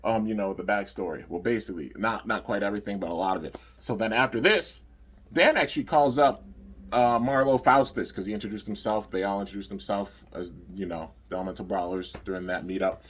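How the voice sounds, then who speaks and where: A man's voice: lowish voice, brisk, slightly rough. A man casually recapping cartoon episodes in a rambling review. He uses lots of fillers and stops to correct himself.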